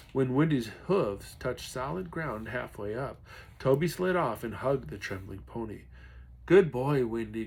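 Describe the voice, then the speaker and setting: Male storybook reader; unhurried, animated, breathy. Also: medium pitch. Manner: expressive, stops to chat with listeners. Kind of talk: reading a children's novel aloud.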